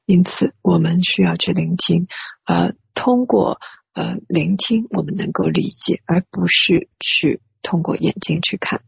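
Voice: mid-range voice, measured pace, creaky, husky, dry recording. An interpreter rendering a sermon phrase by phrase, hesitant with many filler sounds, on a dry, dull lo-fi recording.

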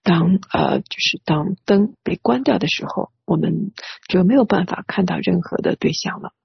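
Gravelly breathy sermon interpreter. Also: medium pitch, animated, moderate pace, dry recording. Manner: hesitant, many filler sounds. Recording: dry, dull lo-fi recording.

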